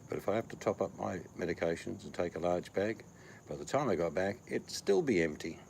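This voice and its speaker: Joking male livestream host, very low voice, hissy noisy room. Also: expressive, fairly quick, vocal fry, a little mellow. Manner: joking, bawdy banter. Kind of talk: casual chat.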